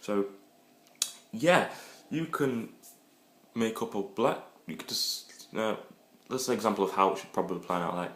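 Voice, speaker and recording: A man with a very low voice rambles through crude, joking advice, full of fillers and asides. He sounds like he is in an echoey room, as in a homemade video. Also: lively intonation, normal speed, long pauses, a bit bright, slight background noise. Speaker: vlogger giving dating advice. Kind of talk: casual comedic monologue.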